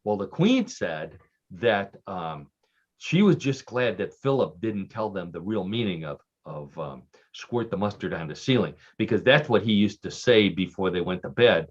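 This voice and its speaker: A deep, animated male voice at a moderate pace belongs to a regular radio show guest telling offbeat stories in casual chat. Chatty and full of fillers and restarts, he laughs at his own jokes, and the radio sound is dull and lo-fi.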